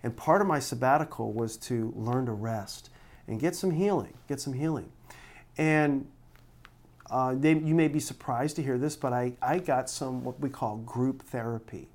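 A man's voice: medium pitch, normal speed, darkish tone. Earnest middle-aged male pastor preaching. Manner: earnest, emotional storytelling with many restarts. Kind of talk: sermon.

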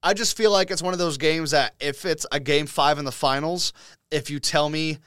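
A man with a fairly high voice rants and reminisces on a casual sports podcast. He is opinionated, excitable and swears freely. The sound is dry and close, with no room around it. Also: normal speed, clear, resonant tone, no echo. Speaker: podcast host.

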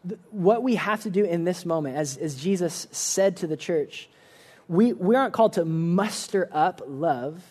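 A man's voice: high-pitched, expressive, moderate pace, darkish tone. A man preaching a conversational sermon in a church, earnest and informal, often restarting his sentences. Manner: earnest, casual, many restarts and "like" fillers. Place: church service room.

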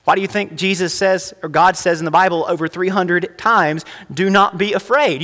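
A male pastor preaching a sermon and leading a prayer, impassioned, rising to emphatic peaks and dropping soft. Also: sits high, moderate pace, hardly any pauses. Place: church sanctuary. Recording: long reverb of a church hall.

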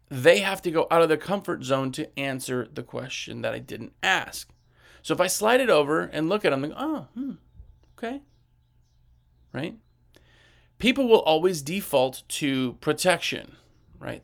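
Guy coaching window cleaning sales, kinda gravelly, slightly high voice, keeps saying right?. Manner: conversational, acts out sales dialogue, frequent "right?". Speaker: window cleaning business trainer. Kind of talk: casual teaching talk.

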